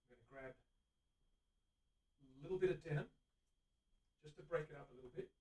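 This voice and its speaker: A man's voice: fairly high pitch, moderate pace, a little mellow, recorded from a distance. Australian man demonstrating in a workshop. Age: middle-aged. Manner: enthusiastic, chatting to live viewers while working. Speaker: luthier host. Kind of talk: live-streamed workshop demonstration. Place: guitar workshop. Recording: voice from away from the mic.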